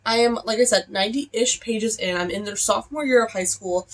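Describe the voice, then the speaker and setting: A woman's voice: medium pitch, fairly quick. A young adult woman chatting casually in a reading vlog, rambling along with lots of "like" fillers. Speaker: book vlogger.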